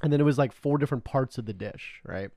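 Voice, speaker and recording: A young man from Canada chats casually as a podcast co-host, wandering through his stories with constant "like" fillers, jokes and swearing. His voice sits at a middling pitch for a man. The recording is dry and close, with no room sound. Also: fast talker, dark tone, dry recording. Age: young adult. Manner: rambling storyteller, heavy filler "like", joking and swearing. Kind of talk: casual chat.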